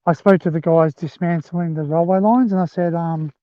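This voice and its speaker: A mellow, steady voice on the high side, at a moderate pace, carries this live walking vlog. The man strolls a rural rail trail with his phone, chatting and rambling to viewers as "guys." The audio has no room sound and comes across thin and phone-like.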